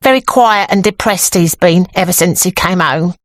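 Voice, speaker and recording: A woman's voice: on the low side, moderate pace, no room sound, voice pushed up, lightly acted. A woman reading an audiobook, voicing a flashy, mean middle-aged woman with a thin, reedy voice. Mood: complaining.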